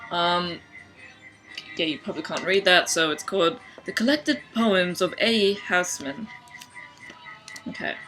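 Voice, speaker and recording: A young woman from Sydney with an Australian accent, talking casually to her camera in a deadpan, dry way. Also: fairly low pitch, a little slow, pauses often, over music, low-quality recording. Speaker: vlogger. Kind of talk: casual accent-challenge video.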